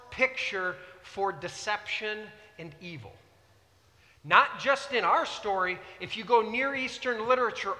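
A man gives a sermon in a high, bright voice, talking to the congregation and asking them questions. His delivery is animated and conversational. The sound carries a long reverb from a large hall. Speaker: pastor.

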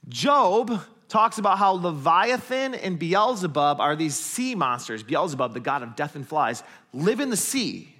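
A man's voice: a little high, big pitch swings, measured pace, fairly bright tone. A man preaching a sermon at a church, acting out quoted lines with animation. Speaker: pastor.

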